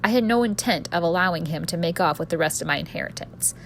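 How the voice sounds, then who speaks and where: A woman author narrating her own story in first person, expressive and storytelling in tone. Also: fairly low pitch, fast, creaky, a little hiss or hum. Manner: expressive storyteller, voicing a cheeky street boy.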